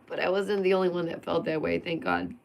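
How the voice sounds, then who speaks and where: A woman's voice: on the low side, very animated, a little fast, gravelly, muffled recording. A woman vlogger venting in an emphatic, sarcastic monologue full of rhetorical questions.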